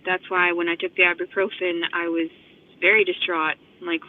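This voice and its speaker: A woman's voice: fairly low pitch, level tone, moderate pace. A woman rambling to her phone camera in an agitated, profane monologue, a little out of breath. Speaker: vlogger. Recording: tinny phone-like audio.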